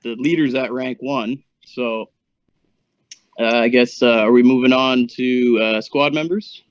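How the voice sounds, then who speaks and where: A man's voice: mid-range voice, fairly even intonation, a little slow, dry recording. A man co-hosting a gaming show, hesitantly going through statistics with many fillers. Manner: hesitant, many fillers while reading stats. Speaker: co-host giving the meta report. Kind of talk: casual gaming commentary. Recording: dull, dry lo-fi mic.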